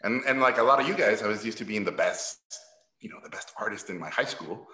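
A middle-aged man from Mexico telling stories at a talk, animated and laughing as he acts out the people he quotes. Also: lowish voice, quick pace. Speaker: guest animator. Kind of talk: casual storytelling at a talk. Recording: roomy echo.

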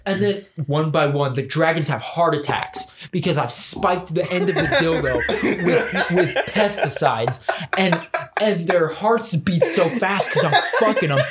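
A man's voice: fairly high pitch, lively intonation, a little slow. A man hosting a podcast, telling a crude, escalating comic story in a rambling way and often laughing mid-sentence. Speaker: podcast host. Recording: loud background noise.

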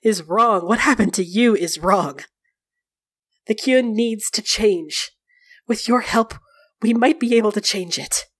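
A woman voicing a protective, caring female warrior who speaks earnestly and gently. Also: mid-range voice, unhurried, dry recording, close to an everyday voice. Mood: resolute.

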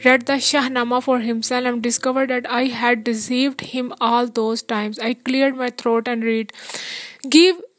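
A woman reading a novel aloud as audiobook narration, in a measured, steady manner. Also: a little high, dry recording. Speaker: audiobook reader.

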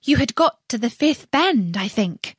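Alice, an earnest and pleading young girl, put on by a woman in a storybook reading with a lively, rising pitch. Her words come slowly and carefully in a dry, close sound. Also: breathy edge, dry recording, full character voice.

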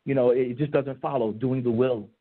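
A man's voice: medium pitch, steady tone, a little fast. A man giving an emphatic debate rebuttal, repeating key phrases for stress. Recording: tinny phone-line audio.

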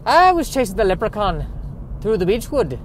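A man voicing a jolly stereotyped Irish man with a deliberately bad Irish accent, exaggerated and playful. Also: high-pitched, big pitch swings, a little hiss or hum, voice pushed up. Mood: hammy. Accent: Irish, put on badly.

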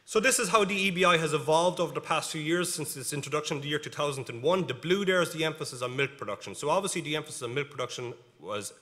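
A man's voice: on the high side, fast, hardly any pauses, pushed and bright. A man with an Irish accent giving a conference talk on cattle breeding, emphatic and explaining step by step. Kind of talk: conference presentation with slides. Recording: reverberant hall.

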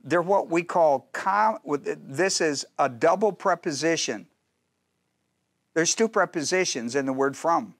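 A man's voice: a little high, expressive, unhurried, no echo, clean studio sound. A man teaching a Bible study as pastor, talking in an emphatic, repetitive way and checking often that his listeners follow.

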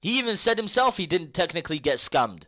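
Young male streamer, bright forceful voice sitting a little high, casual swearing rant, flips from mumbling to shouting. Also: big pitch swings, fairly quick. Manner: swears freely, swings between mutter and outbursts; repeats himself insistently. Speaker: live streamer.

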